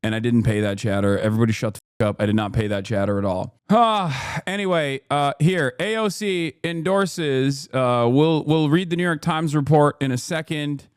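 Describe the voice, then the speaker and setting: A man in his thirties streaming live, ranting and reacting to news clips in a loud, casual, swearing style. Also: a little high, normal speed, clear, resonant tone, dry recording, clean studio sound. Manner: animated, ranting, swears, mock voices. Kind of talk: heated casual commentary.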